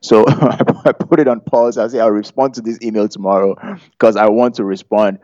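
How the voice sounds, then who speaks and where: A man's voice: fairly low pitch, fairly even intonation, normal speed, mellow, no room sound. A man preaching a conversational sermon, chatty and humorous, often putting questions to the audience. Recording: dull lo-fi sound.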